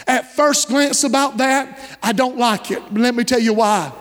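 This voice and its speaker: High-voiced preacher in a reverberant hall. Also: male voice, unhurried, few pauses. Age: 30s. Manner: folksy storytelling preacher, animated, asks listeners directly. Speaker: pastor. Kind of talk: sermon.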